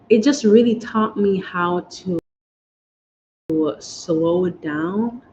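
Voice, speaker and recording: A US woman vlogger with a medium-pitched, dark-toned voice makes emotional, chatty small talk. "Y'all" and "guys" come up often. Faint noise sits under a dull, lo-fi recording.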